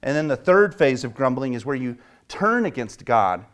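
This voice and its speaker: A man preaching a sermon, his voice surging up for quoted complaints and sinking low and quiet in prayer. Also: sing-song, normal speed, clean tone. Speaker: pastor.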